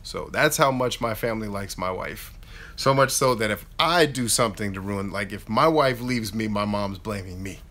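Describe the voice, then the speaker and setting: A man in his thirties hosting a casual live Q&A, chatting in an animated way and reading out viewer questions. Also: on the low side, moderate pace. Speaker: YouTube host answering live chat.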